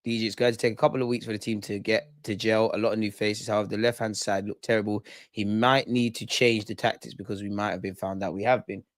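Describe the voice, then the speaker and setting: A man's voice: on the low side, fast, dry recording. Heckling young man, watch-along. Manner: heckling, excitable, mocking penalty takers. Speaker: football fan channel host. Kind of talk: live watch-along commentary.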